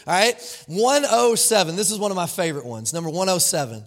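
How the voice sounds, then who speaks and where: A man's voice: sits high, big pitch swings, brisk, fairly bright tone. A man serving as lead pastor, preaching a live church sermon in an upbeat way and asking the congregation questions. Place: church sanctuary.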